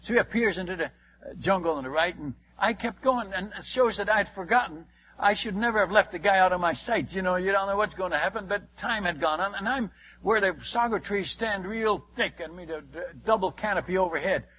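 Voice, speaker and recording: Playing a missionary, a man delivers his testimony as a sermon to a congregation, building the story with emphasis and asking his listeners direct questions. He speaks fairly quickly in a voice that's high for a man, with a husky edge. The recording is dull and lo-fi.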